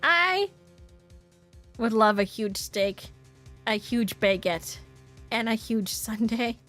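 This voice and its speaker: Playful woman streamer, lively voice. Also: a little high, slow, faint music behind. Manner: playful, chatty, hesitant. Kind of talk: casual game stream chat.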